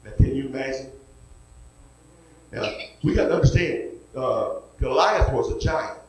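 A man's voice: mid-range voice, expressive, measured pace, very echoey, poor audio. A man preaching a sermon, retelling a story in a folksy way and acting out each character.

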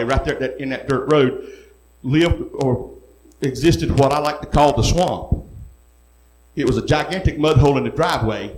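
A man preaching, telling his own testimony in an earnest, folksy way with rural speech. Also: medium pitch. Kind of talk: sermon testimony. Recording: echoey room.

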